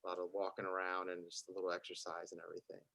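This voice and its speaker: A man in a networking group role-playing a referral call, speaking in a friendly, steady way with slight hesitations. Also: deep voice, very fast, creaky, no room sound.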